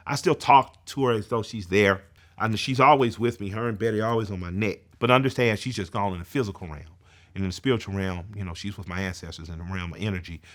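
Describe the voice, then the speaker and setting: Man, lowish voice, soft-spoken, heartfelt, reflective talk. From Atlanta, US. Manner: soft-spoken, heartfelt, reciting rap lyrics. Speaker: rapper explaining his song.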